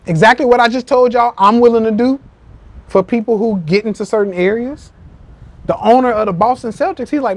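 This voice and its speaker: This podcast host runs a live social media rant show, recorded on a phone, speaking emphatically, profanely, and repetitively while animatedly acting out quotes. His voice is very high and fairly quick.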